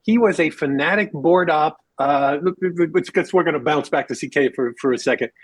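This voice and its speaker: A man's voice: fairly high pitch, husky, no room sound. A man interviewing a fellow radio veteran, chatty and agreeable, who adds his own memories of the trade. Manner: chatty, quick affirmations. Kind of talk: casual interview chat.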